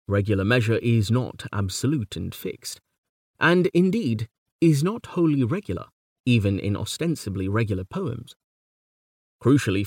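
A man giving a scripted lecture on poetic meter, reading quoted verse slowly and rhythmically. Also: mid-range voice, dry recording, studio quality. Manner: measured, reads poem quotes slowly and rhythmically. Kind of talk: scripted academic narration.

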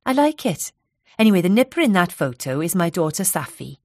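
A woman voicing a newly arrived mother, speaking in a polite, measured and inquisitive way. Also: fairly low pitch, big pitch swings, darkish tone, dry recording, studio quality.

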